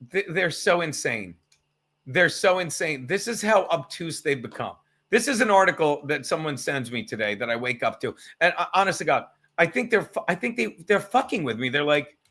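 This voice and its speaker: A man's voice: fairly high pitch, fairly bright tone. A man hosting a live stream, rambling and sarcastic, swearing often as he tells stories and reads chat. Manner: rambling, profane, sarcastic storytelling. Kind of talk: casual livestream chat.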